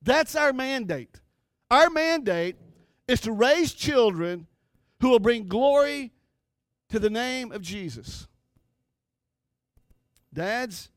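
A man's voice: high voice, dry recording, clean studio sound. A middle-aged man preaching a sermon with impassioned, rising and falling emphasis. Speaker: pastor.

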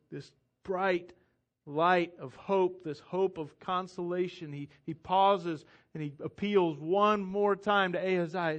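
A man preaching a sermon, swinging between loud emphatic declarations and hushed, intimate appeals. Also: high-pitched, muffled recording. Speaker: pastor.

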